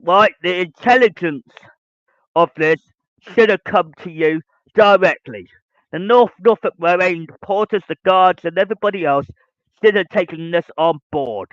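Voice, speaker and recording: A man's voice: high-pitched, normal speed, no echo. A man hosting a podcast monologue, lecturing his listeners in a ranting, repetitive way. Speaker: podcast host. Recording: dull lo-fi dry sound.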